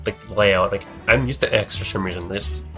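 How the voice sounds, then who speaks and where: A man's voice: fairly low pitch, normal speed, music in the background. A young man in his late teens giving casual gameplay commentary, mumbling and rambling with frequent self-corrections. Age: young adult. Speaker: let's play commentator.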